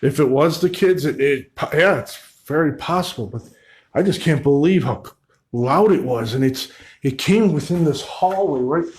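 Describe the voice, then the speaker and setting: A man investigating an old house alone, talking in a hushed, startled way and asking questions of spirits. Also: fairly high pitch, expressive, moderate pace. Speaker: paranormal investigator. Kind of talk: solo ghost-hunting commentary.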